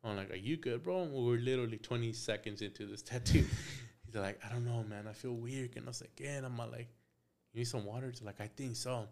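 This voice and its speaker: A young podcast guest who is a tattoo artist tells a casual story in a brisk, medium-pitched voice with a darkish tone. He acts out both sides of the conversation, swears liberally, and works in Spanish phrases.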